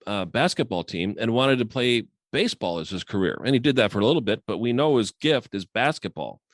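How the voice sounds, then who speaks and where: A man co-hosting a sales podcast in casual conversation, who acts out quoted dialogue with sharp jumps in pitch. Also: lively intonation, a little fast, no room sound, studio quality. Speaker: sales coach and podcast co-host.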